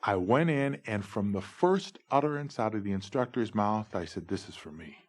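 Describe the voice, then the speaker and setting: A middle-aged man from New York State, a former umpire, tells his own stories in a lively anecdotal way, acting out the dialogue. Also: normal speed. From New York State, USA. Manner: animated, acts out dialogue with big pitch jumps. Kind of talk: anecdotal storytelling.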